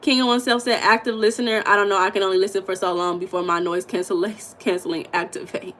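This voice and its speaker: An American woman hosting a casual livestream, chatting and reading viewer comments in a blunt, animated way, with occasional swearing and emphatic bursts. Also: mid-range voice, fast talker, low-quality recording. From United States. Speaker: livestream host.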